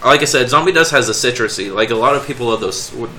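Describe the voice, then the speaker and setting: A young man co-hosting a casual podcast chat, animated and quick to laugh, trailing off and restarting as he thinks. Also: medium pitch, a little hiss or hum, rough recording. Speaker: podcast co-host.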